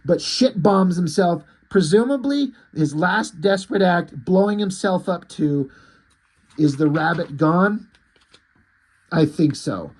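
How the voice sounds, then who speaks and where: Host, male, casual comic reviewer, slightly breathy, meandering delivery. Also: on the high side, a little mellow, low-quality recording. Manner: rambling, loose, swears casually, many "like"s. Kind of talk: casual recap of a comic issue.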